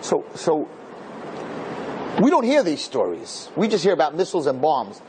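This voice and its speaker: A man, a rabbi, telling an inspirational story to an audience in an animated way, repeating words for emphasis and mixing in Hebrew terms. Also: fairly high pitch, moderate pace, noisy background.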